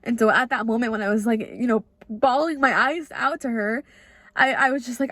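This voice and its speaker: On her own podcast, a young adult woman shares a personal story casually and confessionally, peppering it with "like" and replaying her past words. She speaks fairly quickly in a fairly bright voice on the high side, with no echo.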